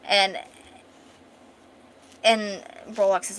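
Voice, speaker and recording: A woman's voice: mid-range voice, fairly even intonation, slow pace, bright, forceful tone, slight background noise. A woman streamer chatting casually with viewers while retelling and reading a comic aloud, full of fillers and restarts.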